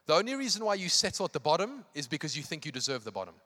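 A man's voice: a little high, very animated, rapid-fire, bright, forceful tone. A man preaching an evening church sermon, emphatic and impassioned, repeating phrases for effect. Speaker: pastor. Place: church hall. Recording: long hall reverb.

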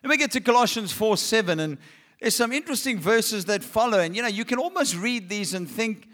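Preacher guy, pretty high voice, lively and punchy, repeats lines in a rhythm. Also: a little fast. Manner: energetic, rhythmic repetition, acts out examples. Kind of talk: sermon.

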